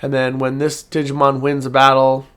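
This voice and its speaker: A man's voice: mid-range voice, monotone, moderate pace, fairly bright tone. Man casually reviewing trading cards. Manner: reads card text aloud with filler and self-corrections. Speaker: card game channel host. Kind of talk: casual card review commentary.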